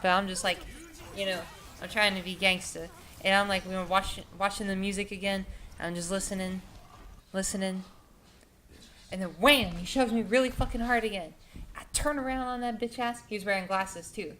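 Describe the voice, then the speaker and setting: A woman's voice: mid-range voice, moderate pace, a bit bright, slight background noise. A young woman vlogger telling a story in a casual, rambling way, full of filler words and swearing.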